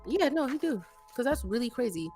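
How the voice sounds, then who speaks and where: A podcast co-host in casual chat, blunt with quick reactions. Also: female voice, fairly high pitch, big pitch swings, warm tone, soft background music.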